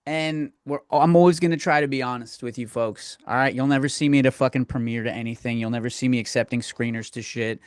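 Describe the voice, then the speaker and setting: A man's voice: a little high, no room sound, studio quality. A young man hosting a solo podcast, ranting bluntly and profanely and rambling with frequent restarts. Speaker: podcast host.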